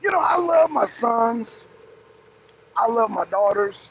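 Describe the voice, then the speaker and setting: A man's voice: very high-pitched, lively intonation, slow pace, vocal fry, slightly rough. A man hosting a live talk show and ranting profanely in casual, repetitive commentary from his car in traffic. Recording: slightly dull lo-fi audio.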